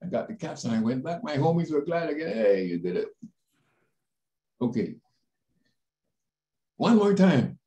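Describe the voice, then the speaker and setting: An older man from the Panama Canal Zone, a panelist telling personal stories in an animated way over a video call. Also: normal speed, pauses often. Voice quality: animated, jumps in pitch when quoting others. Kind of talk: personal storytelling. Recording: roomy echo.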